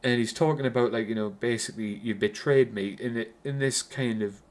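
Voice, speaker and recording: Geordie man, casual film-review rant, heavy swearing, mid-pitched voice. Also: fairly even intonation, a little fast. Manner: swears constantly, rambling with restarts.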